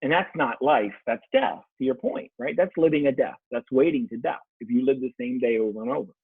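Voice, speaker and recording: A man talking as a coaching guest on a podcast, calm and explanatory, restating ideas in plain terms. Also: medium pitch, a little fast, husky, no room sound. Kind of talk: casual conversation. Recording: tinny phone-like call line.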